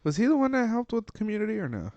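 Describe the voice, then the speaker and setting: A man's voice: high voice, big pitch swings, rapid-fire, warm tone, no room sound, dull audio. A man co-hosting a casual pop-culture podcast, chiming in with scene quotes and swearing freely. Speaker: podcast co-host.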